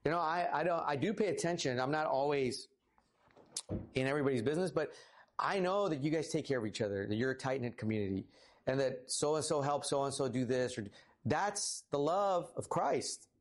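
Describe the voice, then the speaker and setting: A man in his thirties preaching a casual sermon as pastor, lively and talkative, rising for emphasis. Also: normal speed. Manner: casual, animated, rises in pitch for emphasis. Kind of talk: conversational sermon.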